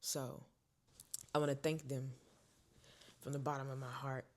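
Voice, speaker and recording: With an extremely low pitch and an unhurried pace, a young woman vlogs about a personal experience, keeping it relaxed and expressive while swinging from whispers to loud bursts.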